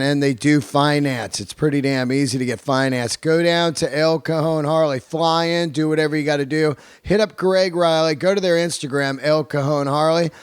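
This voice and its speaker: A man's voice: on the high side, clear, resonant tone, no room sound, studio quality. A man hosting a podcast, reading sponsor spots and chatting in a casual, profane, rambling way. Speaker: podcast host and comedian. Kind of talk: casual podcast talk and ad reads.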